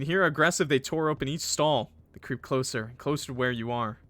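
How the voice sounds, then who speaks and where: Young gaming creator, reads a visual novel aloud, jumps into loud swearing reactions, bright voice, dry close sound. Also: male voice, mid-range voice, fairly quick, hardly any pauses, no echo. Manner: excitable, swears and yells in reaction.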